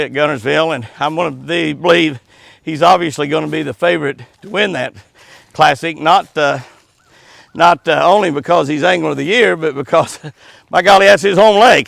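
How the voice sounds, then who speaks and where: A man hosting a casual chat while he walks in the woods, folksy and quick to chuckle, cooing sweetly at his dogs between stories. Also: a little high, vocal fry, a bit bright, no room sound, clean studio sound. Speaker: host. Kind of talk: casual outdoor chat to camera. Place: outdoors, walking in the woods.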